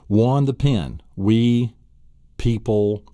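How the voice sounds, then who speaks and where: A man's voice: mid-range voice, drawn-out words, mellow, dry recording, clean studio sound. A man teaching a recorded memory course, enthusiastic and fond of acting out vivid mental pictures. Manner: enthusiastic, acts out vivid scenes. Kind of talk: recorded lesson.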